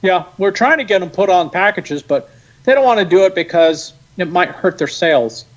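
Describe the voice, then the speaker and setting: Animated, sarcastic male guest. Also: high voice, normal speed, muffled recording. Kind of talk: casual interview chat.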